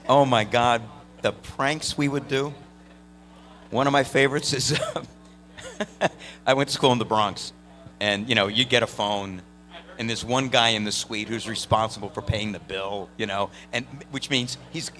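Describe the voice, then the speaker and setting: Bright-voiced chatty man telling stories. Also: lowish voice, normal speed. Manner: animated, chatty, full of fillers and laughs. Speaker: voice actor panel guest. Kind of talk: storytelling on a live convention panel. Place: convention panel stage.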